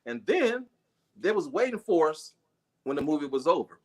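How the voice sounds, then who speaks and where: A man's voice: fairly high pitch, very animated, normal speed, a little mellow. A man telling a funny personal story in a casual livestream chat, acting out the people he quotes with big jumps in his voice. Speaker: guest storyteller. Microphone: video call.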